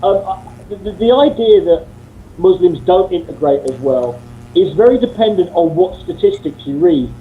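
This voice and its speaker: A man's voice: high voice, animated, moderate pace, phone-quality sound, slight background noise. A man talking casually on a panel, rambling with many restarts and swearing freely, speaking into a computer mic on a video call.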